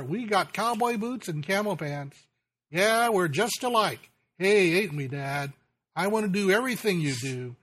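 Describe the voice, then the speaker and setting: A man's voice: high voice, fairly bright tone, pitched above the performer's own voice, full character voice. A man voicing an eager four-year-old boy who adores his dad, as he recites song lyrics in a raised childlike voice.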